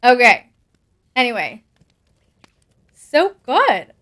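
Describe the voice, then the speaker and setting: A woman's voice: fairly high pitch, wildly swooping pitch, very slow, a bit bright. A young adult woman hosting a live stream, reading viewer comments aloud with bubbly asides and frequent laughs. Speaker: host answering patron questions.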